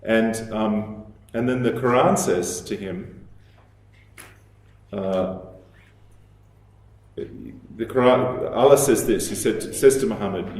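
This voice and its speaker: A man giving a lecture in a measured, explanatory way, with fillers and restarts as he thinks aloud. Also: lowish voice, darkish tone. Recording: echoey hall, voice from a distance.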